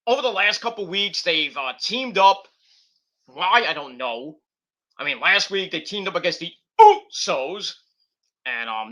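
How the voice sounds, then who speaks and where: Male host, casual predictions chat, bright and high-ish voice, rambles and curses freely. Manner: rambling, off-the-cuff, with cursing and mocking nicknames.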